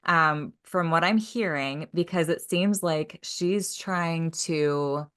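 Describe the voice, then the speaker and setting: A woman's voice: low-pitched, takes it slowly, fairly bright tone, smooth. A woman co-hosting a podcast in a casual discussion, agreeable and building on her partner's points. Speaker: podcast co-host.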